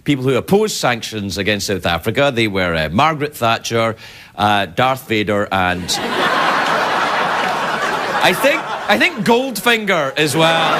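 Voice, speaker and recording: A man's voice: medium pitch, very animated, moderate pace, heavy background noise. Rambling Scottish man in comic monologue. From Scotland. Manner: rambling, self-interrupting, playful. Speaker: late-night talk show host. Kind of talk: comedic monologue. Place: television studio with live audience.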